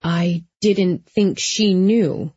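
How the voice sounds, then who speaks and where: A woman voicing a gruff older woman, a blunt, grumbling faded witch in an audiobook. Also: on the low side, extremely slow, warm tone, no room sound, full character voice. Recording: slightly dull lo-fi.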